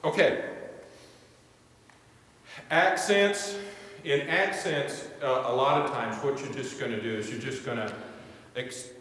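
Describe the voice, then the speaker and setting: Slow-talking man teaching in an echoey hall. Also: medium pitch, fairly bright tone. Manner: counts beats aloud, demonstrating conducting. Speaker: music instructor. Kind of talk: classroom lecture. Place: large echoey room.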